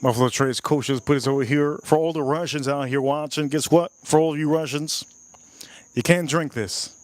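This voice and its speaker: A man's voice: on the high side, steady tone, normal speed, dry recording. A man hosting a casual live stream, tasting whiskey and joking with his chat in a playful, repetitive way. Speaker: livestream host reviewing whiskey.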